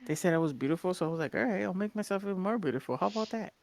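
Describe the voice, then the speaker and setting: A woman's voice: lowish voice, rapid-fire, creaky, no echo. A woman, telling stories casually and acting out the people she quotes, cursing now and then. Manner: animated, acts out quoted voices, swears casually. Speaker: podcast co-host. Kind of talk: casual storytelling chat.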